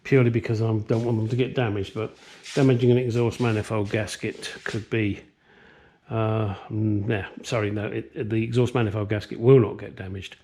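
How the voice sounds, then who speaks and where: In his home garage, a man hosts a vlog about restoring a classic car, chatting casually, rambling, joking and swearing freely as he works. His voice has a medium pitch and a darkish tone.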